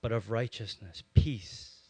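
A young adult man preaching as a pastor, telling a personal story in a relaxed conversational way with many "um"s and "like"s. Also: fairly low pitch, a little slow, breathy edge, dry recording. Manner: conversational, animated storytelling with frequent "um" and "like".

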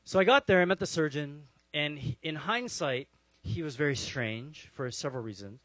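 A man's voice: fairly high pitch, expressive, moderate pace, fairly bright tone, dry recording, low-quality recording. A man preaching a sermon, telling stories and acting out the voices of the people in them. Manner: storytelling, acts out voices of people in the story. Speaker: pastor.

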